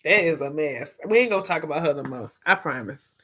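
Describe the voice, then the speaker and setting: A woman hosting a casual gossip vlog, animated and profane, laughing and talking straight to her viewers. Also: sits low, fairly quick. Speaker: vlog host.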